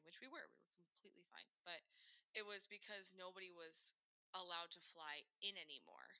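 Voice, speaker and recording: Podcast co-host, Minnesota woman in her thirties, very bright dry sound, lively and profane storyteller. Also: on the low side, a little fast, smooth, no room sound. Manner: animated storyteller, acts out quoted voices, swears freely. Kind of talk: casual chat.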